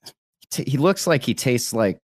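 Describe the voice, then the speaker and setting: A man's voice: medium pitch, expressive, normal speed, darkish tone, no echo. A man in a casual online chat, cracking crude jokes. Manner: wisecracking, crude.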